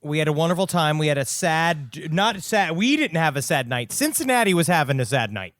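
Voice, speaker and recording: A man's voice: on the high side, big pitch swings, fairly quick, a bit bright, no echo. An exhausted man co-hosting a podcast, telling rambling, profane stories in casual chat. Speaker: podcast co-host.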